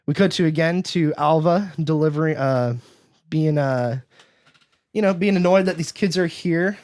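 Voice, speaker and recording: A man's voice: on the high side, darkish tone, dry recording, clean studio sound. A man hosting a podcast, casually recapping a film and acting out the characters' lines in raised voices. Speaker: podcast host.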